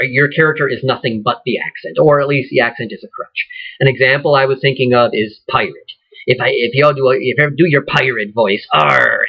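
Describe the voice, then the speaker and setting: On a dull lo-fi recording, a man with a husky, mid-range voice leads an acting class. His style is casual and conversational, and he thinks out loud, often starting sentences over.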